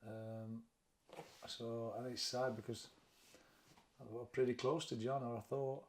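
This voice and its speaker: A middle-aged man with a Sheffield accent, talking candidly and haltingly in an interview, often repeating words as he recalls events. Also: medium pitch, level tone. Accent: Sheffield, Yorkshire. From England. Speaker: boxing trainer, interview guest.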